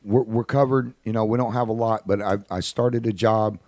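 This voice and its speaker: A struggling young mother, frightened and defensive, rushing through her pleas in a raised, strained voice, as a man telling a story acts her out. Her tone is low and dry underneath despite the lift. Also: fairly even intonation, a little mellow, dry recording, close to an everyday voice. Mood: anxious. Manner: anxious, pleading, rushed.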